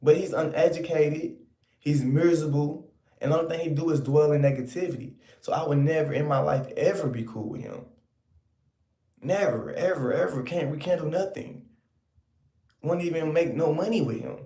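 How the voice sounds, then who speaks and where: A man rants at his viewers in a sassy, scolding way, circling back to the same points again and again. His voice is gravelly and mellow. The sound carries the echo of a bare room. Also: fairly high pitch, normal speed. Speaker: online commentator. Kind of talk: ranting commentary to viewers.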